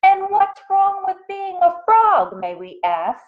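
A woman reading aloud voices a group of small, touchy pond frogs in a squeaky, indignant manner. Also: big pitch swings, a little slow, phone-quality sound.

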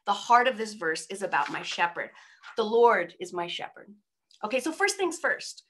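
A woman's voice: medium pitch, big pitch swings, moderate pace, a bit bright. A middle-aged woman giving a conversational sermon at a women's church event over a video call, informal, with frequent rhetorical asides. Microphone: speaking on a video call.

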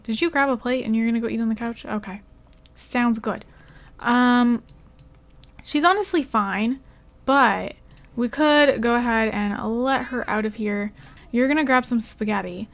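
A young woman with a slightly high voice runs a gaming channel and provides casual let's play commentary. Reacting with quick exclamations, she speaks directly to the characters on her screen, urging them on and comforting them as she plays.

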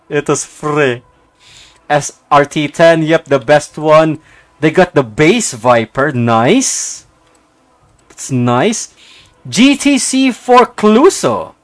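Excitable young man streaming a racing game. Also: on the high side. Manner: excitable, swings from mumbling to outbursts. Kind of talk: casual live-stream commentary.

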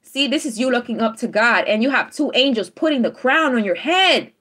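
A woman's voice: a little high, expressive, a little fast, fairly bright tone, slightly rough. A woman giving a live tarot reading to her viewers, emphatic and repetitive, checking in with them often. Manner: emphatic, repeats affirmations, checks in with "all right?". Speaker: tarot reader.

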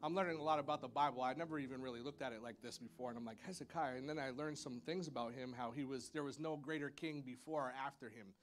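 A man's voice: fairly even intonation, fast, hardly any pauses, soft background music. A man preaching a casual, playful sermon to a church congregation, chatty and full of "y'all" and "like", with a church sanctuary around him. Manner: chatty and playful, lots of "y'all" and "like", with high playful sound effects. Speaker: pastor.

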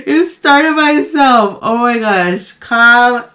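A woman's voice: fairly high pitch, expressive, slow pace, sharp tone. A young woman hosting a fan reaction video, gushing and squealing, slipping in Spanish phrases. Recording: music playing behind her voice.

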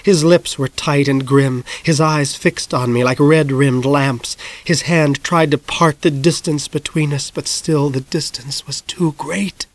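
A man narrating a novel as an audiobook in measured, grave storytelling, dropping soft at the darkest moments. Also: fairly high pitch, steady tone.

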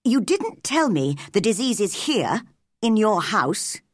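A woman voicing a serious young Englishman who speaks gravely. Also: medium pitch, sing-song, takes it slowly, no room sound, studio quality.

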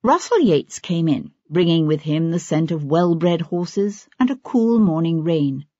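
An audiobook narrator reading a novel in measured, even scripted narration. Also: mid-range voice, no echo. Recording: dull lo-fi audiobook recording.

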